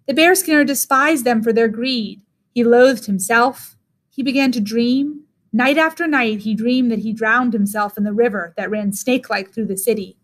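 A female teacher reads a fairy tale aloud in a slightly high voice. She keeps a measured pace and an expressive delivery.

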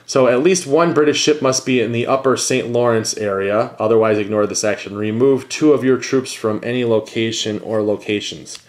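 A man hosting a board game channel, thinking aloud with many fillers and reading cards as he plays a solo game. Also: mid-range voice.

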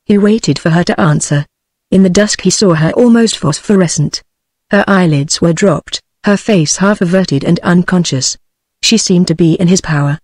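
A computer-generated woman's voice with a British English accent, reading a novel aloud at an even, synthetic pace. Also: lowish voice, moderate pace, dry recording. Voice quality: synthetic, evenly paced. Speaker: audiobook narrator. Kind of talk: text-to-speech audiobook reading.

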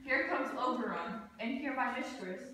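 A woman's voice: fairly high pitch, expressive, normal speed, a crowd in the background, natural voice. A young woman voicing a mischievous male sprite and reciting his verse in a classroom rehearsal. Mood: boastful. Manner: reciting verse lines with emphasis. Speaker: student actor. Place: school classroom. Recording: echoey room, far from mic, background noise.

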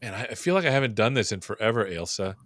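Male livestream host, playful, joking, bright tone, dry sound. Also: lowish voice, animated, racing, dry recording. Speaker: show host. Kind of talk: livestream chat and hosting.

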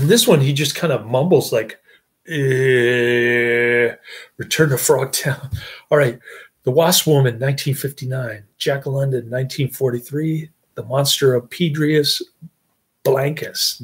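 A man's voice: fairly high pitch, husky. A middle-aged man hosting a casual movie review chat, rambling with fillers and chuckles.

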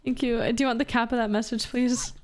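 A woman's voice: on the high side, fairly even intonation, quick pace, a little hiss or hum. A woman from Canada, chatting casually on a live stream while gaming, playful, swearing, laughing and reading chat aloud. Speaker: VTuber streamer.

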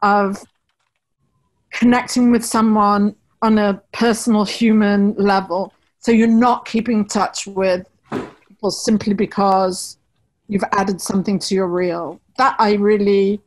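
A woman's voice: medium pitch, steady tone, a little slow, rough recording. Blunt, chatty woman manager. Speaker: talent manager. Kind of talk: casual video-call conversation.

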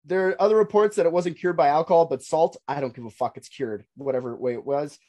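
A man's voice: a little high, fast, warm tone. A man hosting a podcast, telling a story in a casual, jokey way and swearing freely.

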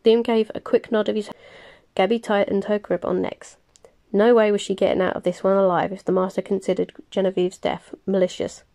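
A woman reading a novel aloud, plain and unhurried, with small slips she corrects as she goes. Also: medium pitch, flat delivery, gravelly, mellow. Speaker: reader. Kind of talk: audiobook-style novel reading.

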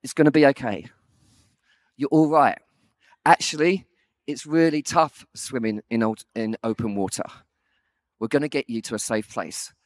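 A man voicing a calm, kind boat instructor who reassures a swimmer in trouble. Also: mid-range voice, moderate pace, pauses often, no echo, clean studio sound, voice pushed down, lightly acted. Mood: soothing. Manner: soothing, reassuring.

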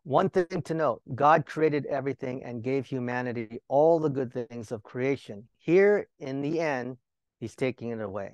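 A man's voice: medium pitch, moderate pace, darkish tone, no echo, highs cut off. A male Bible teacher giving a sermon, talking to the listeners with rhetorical questions and joking asides.

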